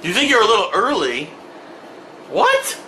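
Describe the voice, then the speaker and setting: A man giving loud, excitable and crude commentary while playing video games. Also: high-pitched, unhurried, noisy background. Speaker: gameplay commentator. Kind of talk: crude live gameplay commentary.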